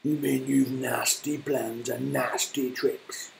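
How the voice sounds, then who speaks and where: A man voicing a big, cross elephant in a children's story, loud and scolding. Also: mid-range voice, little pitch movement, slow pace, vocal fry, a little hiss or hum, low-quality recording.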